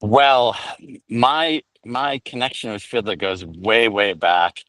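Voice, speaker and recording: A man from upstate New York with a fairly low voice, telling long stories about his past in an unhurried way. He talks over a video call while walking outside. The recording is dry. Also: a bit bright, dry recording, low-quality recording. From Rochester, New York. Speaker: actor guest. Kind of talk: casual storytelling interview. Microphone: video call while walking outdoors.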